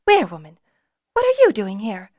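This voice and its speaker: A woman voicing a brisk, no-nonsense housekeeper with a dry, fond manner. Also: on the high side, wildly swooping pitch, a little mellow, no room sound.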